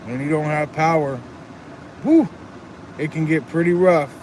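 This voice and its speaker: A man's voice: fairly high pitch, a little slow, a little mellow, slight background noise. A man chatting casually on a live stream, earnest and rambling, reading chat comments aloud. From Texas.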